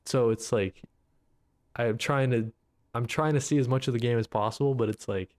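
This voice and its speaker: A man's voice: medium pitch, normal speed, a little mellow. A man co-hosting a gaming podcast, rambling casually with lots of "you know what I mean" and some swearing. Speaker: podcast co-host. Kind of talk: casual chat.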